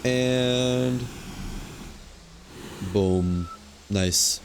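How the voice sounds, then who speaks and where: A man streams a video game at a medium pitch, talking extremely slowly over a noisy background. Relaxed, he mutters to himself and thinks aloud about what he's doing on screen, giving casual gameplay commentary.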